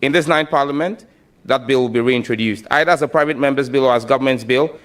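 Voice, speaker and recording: A man speaks as a nominee before a parliamentary committee. His voice sits at an ordinary middle pitch, and he answers in an emphatic, impassioned way, with a few stumbles as he starts. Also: quick pace, fairly bright tone. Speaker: ministerial nominee at a parliamentary vetting. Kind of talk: formal hearing testimony.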